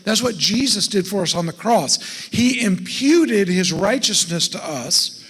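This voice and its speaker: A man's voice: sits high, lively intonation, unhurried, a bit bright, husky, big-room sound, poor audio. A middle-aged man giving a folksy seminar talk to a church congregation, often putting questions to the audience. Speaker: estate planning speaker at a church. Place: church sanctuary.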